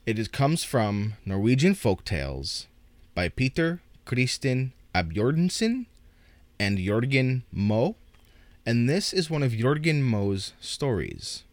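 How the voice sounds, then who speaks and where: Male storyteller, slow deliberate pace, lively up-and-down delivery, dry close sound. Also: mid-range voice, no echo. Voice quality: measured, expressive reading. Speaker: storyteller reading folk tales. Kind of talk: unhurried storytelling narration.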